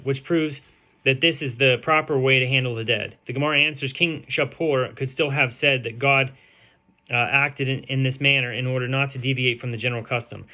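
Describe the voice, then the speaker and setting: A man reading a translated Talmud page aloud and explaining it, slowing down to sound out the Hebrew and Aramaic terms, with frequent ums and uhs. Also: medium pitch, pushed and bright. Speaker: Talmud teacher.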